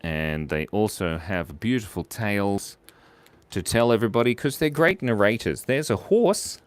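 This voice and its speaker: A man's voice: fairly low pitch, big pitch swings, normal speed, no room sound. A man hosting a live drawing stream, chatting with viewers in a playful, silly way. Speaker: online drawing show host.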